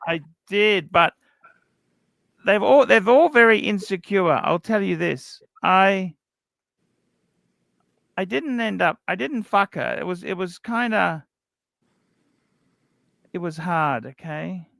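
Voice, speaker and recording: High bright-voiced guy, crude and blunt, dry close mic. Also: expressive, slow, vocal fry, pauses often, no room sound. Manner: blunt, crude and self-mocking. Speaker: co-host. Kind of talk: casual livestream chat.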